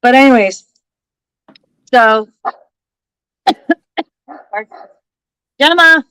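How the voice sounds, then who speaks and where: Woman host, bright and slightly high, close dry sound; animated, salty storyteller on a home livestream. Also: extremely slow, smooth, no echo, poor audio. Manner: animated, swears freely, restarts sentences. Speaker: livestream host and psychic reader. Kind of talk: casual storytelling chat.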